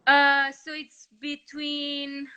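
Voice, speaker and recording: A woman from Italy with an Italian accent, chatting as a guest on a video call in friendly, halting English. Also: sits high, monotone, pushed and bright, highs cut off. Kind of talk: casual video-call chat.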